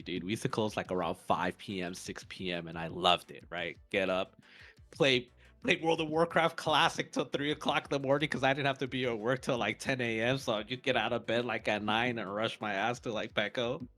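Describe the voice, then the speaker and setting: A man co-hosting a podcast, telling retail stories in a casual, animated way with swearing and laughter. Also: medium pitch. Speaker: podcast co-host. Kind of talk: casual chat.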